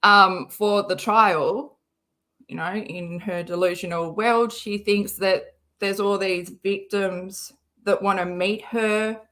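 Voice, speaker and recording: Young woman, live stream host, unhurried and chatty, swears freely. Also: mid-range voice, steady tone, bright, forceful tone. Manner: swears often, chatty, greets viewers by name. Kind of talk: casual live stream chat. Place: car.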